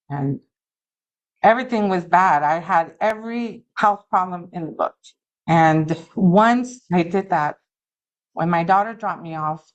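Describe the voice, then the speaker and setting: A middle-aged woman giving an earnest, halting personal recovery testimony at a meeting. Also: mid-range voice, dull audio. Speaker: alumni speaker at a recovery meeting. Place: meeting room.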